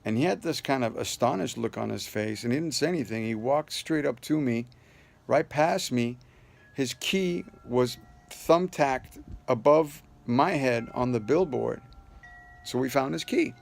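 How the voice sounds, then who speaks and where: Gravelly man telling a rambling story. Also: medium pitch, animated, unhurried. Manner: loose and rambling, with many fillers and restarts; earnest, upbeat sign-off. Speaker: vlogger sharing a personal story. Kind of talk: casual personal storytelling.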